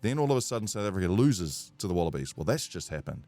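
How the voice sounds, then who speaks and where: A man's voice: deep voice, fast, soft background music. A man with a New Zealand accent hosting a casual sports podcast and putting the questions to his co-hosts. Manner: lively, asks the questions. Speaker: podcast host.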